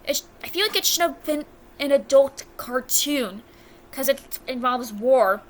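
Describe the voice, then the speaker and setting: A woman's voice: sits high, lively intonation, measured pace, slight background noise. A young American woman doing casual ranking commentary on a video, blunt and exasperated, often stopping to correct her own words. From United States. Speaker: video reviewer.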